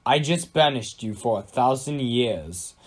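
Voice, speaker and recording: A man's voice: mid-range voice, animated, a little slow. A man reading a storybook aloud, voicing an old male wizard who speaks in a grave, declaiming way. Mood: solemn. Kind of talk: amateur audiobook reading.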